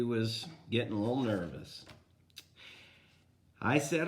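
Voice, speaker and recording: An older man reads a picture book to small children, gently and slowly. His voice rises and falls a lot as he stops to ask them questions. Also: medium pitch, sing-song. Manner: gentle, talks directly to young listeners. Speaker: grandfather reading a picture book aloud. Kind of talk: storybook read-aloud with asides to children.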